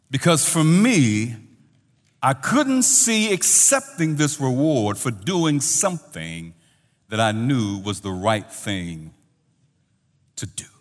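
A male pastor telling a story in a sermon, animated, his voice trailing off softly at the ends of phrases. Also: medium pitch, big-room sound.

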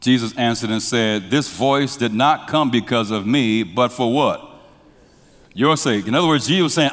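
A man preaching a sermon as pastor. He drops to hushed lines, rises to emphatic ones, and has the congregation finish his sentences. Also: mid-range voice, normal speed. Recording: long hall reverb.

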